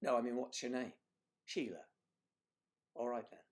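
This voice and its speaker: Older Southern male livestream host, rambling, chatty, keeps clearing his throat. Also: mid-range voice, normal speed. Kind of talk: casual livestream chat reading viewer comments.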